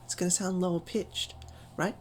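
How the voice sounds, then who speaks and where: A woman's voice: on the low side, steady tone, normal speed, a little mellow, a little hiss or hum, rough recording. Chatty woman teaching a casual voice lesson. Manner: chatty, self-deprecating, filler-heavy. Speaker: voice training tutor. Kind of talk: casual tutorial.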